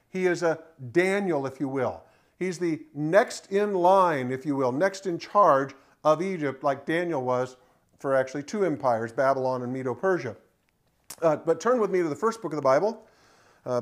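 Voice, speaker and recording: Higher-voiced man teaching a Bible study. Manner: conversational, with frequent fillers.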